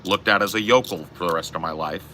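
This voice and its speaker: A man's voice: low voice, quick pace, bright, forceful tone, a little hiss or hum. A man with a general Californian accent, from the southern US, ranting sarcastically to his chat. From southern United States. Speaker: streamer. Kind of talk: casual live-stream chat.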